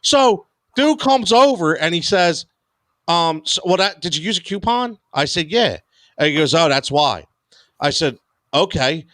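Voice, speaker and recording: An American man co-hosting a casual podcast, telling stories in an animated, exasperated way. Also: fairly high pitch, unhurried, no room sound. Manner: animated storyteller, exasperated rants. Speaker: podcast co-host. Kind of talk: casual sports podcast chat.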